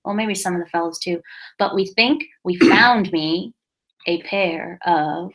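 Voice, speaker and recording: A woman's voice: lowish voice, normal speed, fairly bright tone. A woman co-hosting a casual chat, playful and teasing in her remarks. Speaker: co-host.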